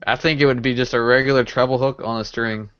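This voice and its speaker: A man co-hosting a casual fishing live stream, quick and eager. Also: medium pitch, steady tone, a bit bright, clean tone. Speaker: fishing channel host. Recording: muffled stream audio.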